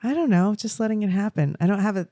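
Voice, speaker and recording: A woman's voice: mid-range voice, fast, warm tone, no room sound, clean studio sound. A middle-aged woman co-hosting a casual family podcast, chatty and emotional, laughing often as a new grandmother.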